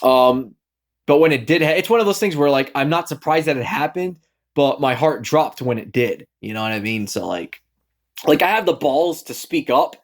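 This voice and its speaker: A man's voice: fairly high pitch, lively intonation, normal speed. A young man telling a rambling story about his job on a vlog, often losing his thread and correcting himself, swearing freely. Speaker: vlogger.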